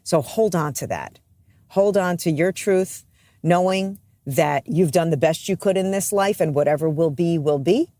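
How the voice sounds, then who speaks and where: A woman's voice: on the low side, moderate pace, warm tone, no room sound. A woman from the East Coast, a radio host appearing as a guest, speaking reflectively and earnestly in a candid interview. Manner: reflective, earnest, self-deprecating.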